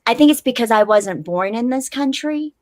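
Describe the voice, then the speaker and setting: A woman's voice: fairly high pitch, moderate pace. A woman musician in a casual interview, telling a story animatedly and acting out what people said, with many fillers. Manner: animated, acts out quotes, frequent fillers. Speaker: band musician guest.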